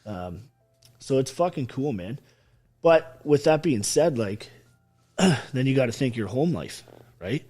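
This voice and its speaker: A man's voice: mid-range voice, expressive, slow pace, pauses often, darkish tone, breathy edge, faint music behind. A man from Ontario, an army veteran telling his story as a podcast guest, blunt and emphatic with constant swearing. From Ontario, Canada. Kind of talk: casual interview storytelling.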